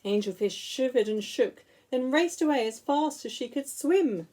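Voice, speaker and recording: A woman teacher reading picture books aloud to young children in an expressive, sing-song way. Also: high-pitched, normal speed. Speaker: school teacher.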